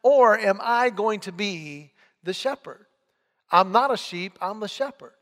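A male pastor delivers a sermon in an earnest, conversational way, posing rhetorical questions and reading scripture aloud. His voice sits fairly high. The sound carries the long reverb of a large church hall. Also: expressive, unhurried, a bit bright.

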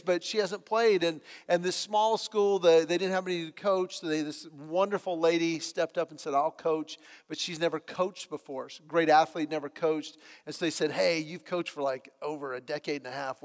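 High-voiced man preaching in an echoing hall. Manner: storytelling, animated, acts out voices in anecdotes. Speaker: pastor. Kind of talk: sermon. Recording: long hall reverb.

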